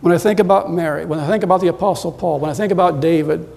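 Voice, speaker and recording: High-voiced male pastor preaching in a hall. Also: fast, creaky, a little mellow. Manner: storytelling, rising in pitch and volume when emphatic. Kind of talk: sermon. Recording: long reverb of a large hall.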